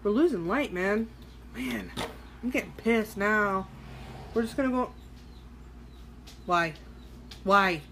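A woman's voice: mid-range voice, animated, takes it slowly, pauses often, fairly bright tone, a little hiss or hum. A woman hosting a casual live-streamed makeup tutorial, chatting loosely with viewers as she works, with the odd swear word. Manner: chatty, loose and profane, talking to viewers while working. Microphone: phone or webcam on a live stream.

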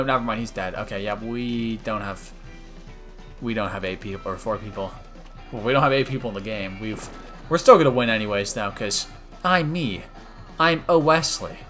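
Lively young man streaming a game. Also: medium pitch. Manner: joking, swings between loud outbursts and mumbled asides. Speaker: gaming streamer. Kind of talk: live gameplay commentary.

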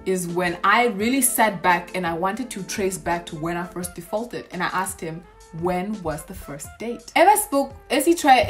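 A young woman vlogger telling a storytime tale in a sassy, animated way, with lots of asides. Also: on the low side.

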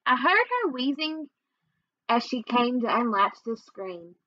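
A woman's voice: fairly high pitch, measured pace, dry recording, highs cut off. Woman reading a children's novel aloud. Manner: expressive storytelling, first-person narrator. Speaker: reader.

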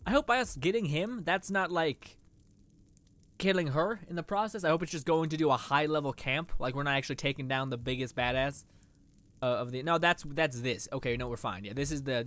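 A young man giving casual, excitable gameplay commentary, swearing a lot and yelling at enemies as he plays. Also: mid-range voice, a little fast. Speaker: let's play gamer.

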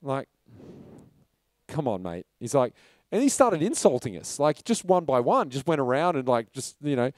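A film director tells a loose, chatty anecdote at a live talk held in a pub function room. His fairly high voice has lively intonation and a moderate pace, with no echo.

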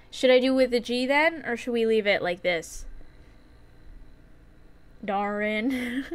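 A young woman live-streaming a farming game, chatty and excitable, often giggling and reacting out loud. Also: a little high.

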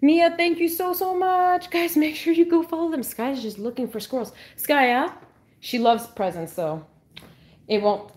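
A woman with a high voice hosts a live stream from her home. She coaxes her dog in bubbly, sing-song baby-talk and thanks her viewers. A faint hiss sits under her voice. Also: darkish tone. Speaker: pet channel host. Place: home, indoors.

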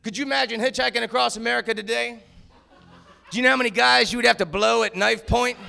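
A male comedian spinning loose, rambling stories from a stage, forever tacking "man" onto the end of a line. His voice sits high for a man and has a gravelly edge. The tone is bright and sharp. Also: fairly even intonation, quick pace. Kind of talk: stand-up storytelling. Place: theater stage.

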